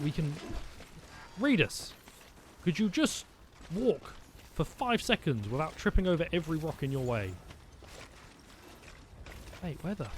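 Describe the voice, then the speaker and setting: A man's voice: fairly high pitch, darkish tone, a little hiss or hum. Joking male game streamer. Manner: rambling, joking, talks to his chat. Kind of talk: let's-play commentary.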